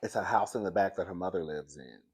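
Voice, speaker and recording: A man in a casual, gossipy chat recapping a reality show, animated and laughing often, speaking. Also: sits low, fast, breathy edge. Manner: chatty, gossipy and animated, laughs often, says "girl" a lot.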